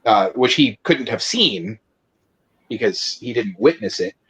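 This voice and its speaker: A man with a husky, slightly breathy voice talks through a film on a podcast. He hesitates often and fills the gaps with "uh" and "um" while he checks his notes. His delivery stays relaxed and conversational. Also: mid-range voice. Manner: halting, many fillers, reading from notes. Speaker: podcast co-host. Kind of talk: casual movie discussion.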